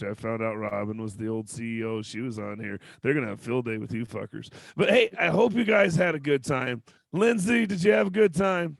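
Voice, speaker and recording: A man hosting a comedy show on a video call with loud, teasing, profane banter. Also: medium pitch, vocal fry, no room sound. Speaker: show host.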